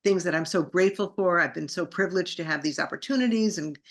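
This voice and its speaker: A woman's voice: on the low side, quick pace. A middle-aged woman, a singer and actress, telling her story in an interview with an enthusiastic, grateful manner.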